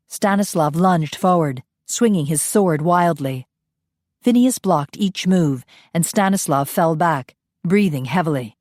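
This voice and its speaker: Low-voiced woman narrating an audiobook. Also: expressive, unhurried, a little mellow, no echo, clean studio sound. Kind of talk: scripted narration.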